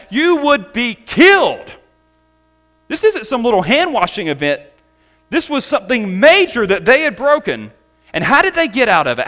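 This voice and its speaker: Bright, high-voiced man preaching. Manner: emphatic preaching, slowing down to stress key words. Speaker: pastor. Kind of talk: sermon.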